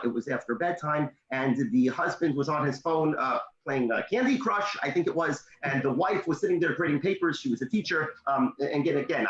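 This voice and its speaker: A man and motivational speaker giving parenting advice in an animated storytelling way on a video call. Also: fairly high pitch, echoey room, dull audio. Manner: animated, with emphatic pauses and tips.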